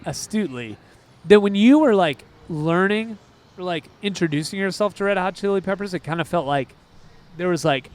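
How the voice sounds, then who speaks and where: A man co-hosting a casual music podcast, talking in an excitable, rambling way with quick asides. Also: high voice. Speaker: podcast co-host. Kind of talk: casual chat.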